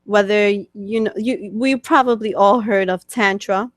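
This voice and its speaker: A woman's voice: mid-range voice, fairly even intonation, unhurried, no echo, clean studio sound. A woman with a New York accent, a spiritual coach answering viewer questions in a casual, chatty teaching talk full of fillers and "okay?" check-ins. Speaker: spiritual coach hosting a webcast.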